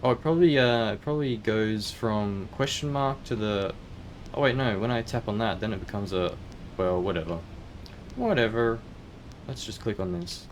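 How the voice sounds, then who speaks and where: A man's voice: fairly low pitch, normal speed, music in the background. A man casually commenting on a game as he plays, chatty and thinking aloud, sometimes reading the on-screen text. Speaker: gaming video host.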